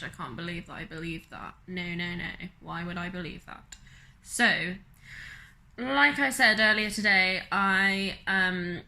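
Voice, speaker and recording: A woman's voice: medium pitch, pushed and bright. A young woman from the UK, vlogging in a casual, chatty, self-mocking way, retelling her story with lots of laughter. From United Kingdom.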